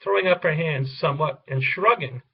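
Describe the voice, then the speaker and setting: A man's voice: fairly high pitch, fairly quick, vocal fry, breathy edge. A man reading the stage directions of a children's play aloud in a plain way. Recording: distant, dull lo-fi recording.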